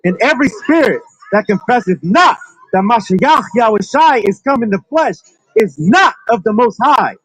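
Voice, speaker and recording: A man reading scripture aloud slowly and deliberately at a street sermon. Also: very high voice, lively intonation, a bit bright, a little hiss or hum, rough recording. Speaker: scripture reader.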